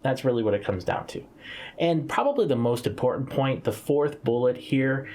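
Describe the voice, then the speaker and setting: A man co-hosting a casual gaming podcast, talking emphatically with fillers like "you know". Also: mid-range voice. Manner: animated, emphatic, with filler words. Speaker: podcast co-host. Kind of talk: casual chat about video games.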